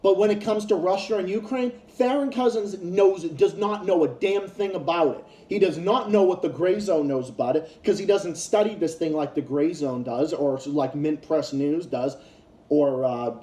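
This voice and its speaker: A man's voice: fairly high pitch, dark tone, echoey room. A man ranting in a casual commentary vlog, heated and profane, often restarting his sentences. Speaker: YouTube commentator.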